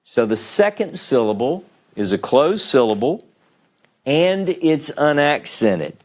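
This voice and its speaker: Slow, patient man teaching a class. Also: fairly high pitch, big pitch swings. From United States. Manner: patient, explains step by step, frequent "okay?" checks. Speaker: Hebrew teacher. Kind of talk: classroom lecture at a whiteboard. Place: meeting room with a small live class.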